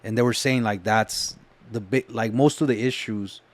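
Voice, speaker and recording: A man with a somewhat low voice, talking in casual podcast chat. He reasons his way through a point and leans often on "like". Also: fairly even intonation, moderate pace. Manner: reflective, fills his speech with "like".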